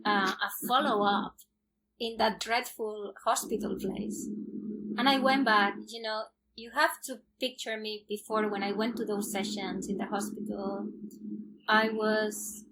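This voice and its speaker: A woman guest in an interview, telling a personal story in a lively way and acting out the dialogue. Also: mid-range voice. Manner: animated storyteller who acts out quoted dialogue and laughs often. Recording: noisy recording.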